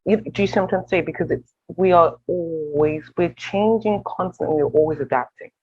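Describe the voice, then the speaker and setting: Husky, passionate woman guest. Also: fairly low pitch, highs cut off. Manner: passionate, quick restarts and self-corrections. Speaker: wellness program organizer, guest. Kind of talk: round-table discussion.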